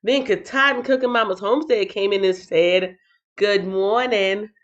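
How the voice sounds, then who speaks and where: A woman hosting a casual livestream, who sounds tired after a night shift. She reads out chat comments in an animated, playful way and breaks into sing-song bits. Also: mid-range voice, brisk, muffled recording. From Texas. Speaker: livestream host.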